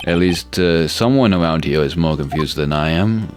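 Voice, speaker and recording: Low-voiced man narrating a game. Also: moderate pace, few pauses. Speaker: let's play host voicing the lawyer lead.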